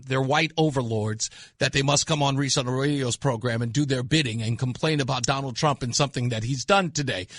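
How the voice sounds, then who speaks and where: A man's voice: a little high, bright, forceful tone, no room sound. A man hosting a talk radio show, delivering a mocking, scornful monologue into a studio mic. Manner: mocking, scornful, laughs at callers.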